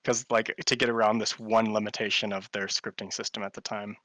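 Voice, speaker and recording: A man chatting as a guest in an interview, enthusiastic and quick to laugh, with some fillers. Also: lowish voice, little pitch movement, bright, forceful tone, no echo, low-quality recording. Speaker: guest, hologram artist. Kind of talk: casual interview chat.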